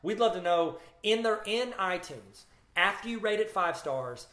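Male podcast co-host, slightly high, joking rambler, echoey room. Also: lively intonation, a little slow, a bit bright. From New Jersey. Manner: joking, rambling, bursts of silly put-on voices. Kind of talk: casual sports podcast chat.

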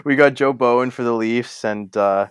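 A man's voice: medium pitch, moderate pace, clean tone, no room sound, clean studio sound. A man co-hosting a casual sports podcast, rambling with lots of fillers and restarts. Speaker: podcast co-host.

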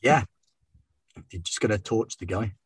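A man narrates a tabletop role-playing scene as game master, wry and unhurried. His voice sits low and slightly husky, recorded dry and close with no room sound. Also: dry recording. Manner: descriptive, wry and relaxed.

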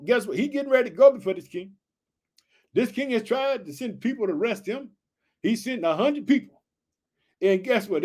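With high energy, a man preaches scripture, reading Bible verses aloud and then riffing on them. He repeats his catchphrases and poses questions to listeners, his voice a little mellow.

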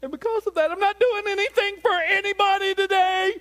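A man's voice: very high voice, brisk, fairly bright tone, voice pushed up. A man voicing a moody, touchy male God who complains in an up-and-down way. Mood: sulky. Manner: whiny, up-and-down complaining.

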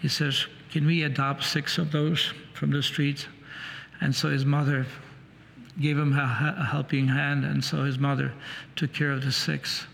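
Gravelly preacher in a reverberant hall. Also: male voice, fairly high pitch, flat delivery, a little slow, fairly bright tone, slight background noise. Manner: conversational, repetitive restarts. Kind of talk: sermon. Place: church. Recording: long reverb in a church, faint ambience.

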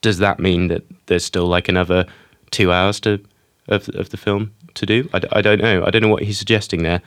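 A man's voice: sits low, little pitch movement, fairly quick, a bit bright, dry recording, clean studio sound. Chatty, hesitant male podcast host. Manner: hesitant, repeats words, chatty. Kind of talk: casual film chat.

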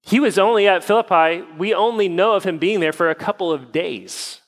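A man's voice: sits high, brisk, long reverb tail, poor audio. A man, a pastor leading prayer and then preaching in a conversational way full of rhetorical questions. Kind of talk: prayer and sermon. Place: church sanctuary.

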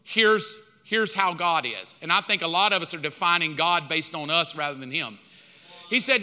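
A man preaching a sermon in a church, lively and conversational, acting out back-and-forth dialogue with God. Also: fairly high pitch, moderate pace, long reverb tail. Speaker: pastor. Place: church sanctuary.

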